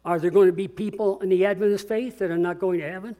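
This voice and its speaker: An older man preaching a sermon as pastor, earnest and swinging between quiet reflection and rousing call-and-response. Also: high-pitched, steady tone, quick pace.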